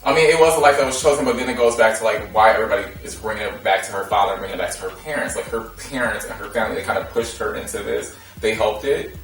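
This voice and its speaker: A man who is a podcast guest, debating in a rapid way with lots of restarts and fillers. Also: fairly low pitch. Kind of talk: casual debate. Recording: echoey room, mic at a distance.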